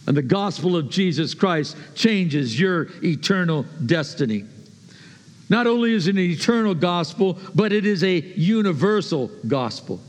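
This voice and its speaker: A man with a high voice preaches a sermon, hammering his points with repeated phrases and sudden swings in loudness. Long reverb trails every line, as in a big church hall. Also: animated, a little slow. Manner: emphatic, repeats phrases, shifts from hushed to loud.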